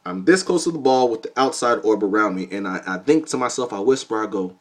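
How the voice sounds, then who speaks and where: A young man vlogging, telling a comedic story in an animated, jokey, conspiratorial way. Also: mid-range voice, fast, hardly any pauses, a little hiss or hum. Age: young adult.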